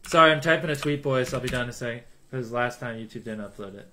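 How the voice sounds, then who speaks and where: A young man chatting casually on a livestream, joking with his chat, swinging between loud hype and low mumbles. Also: fairly even intonation, fast talker, hardly any pauses.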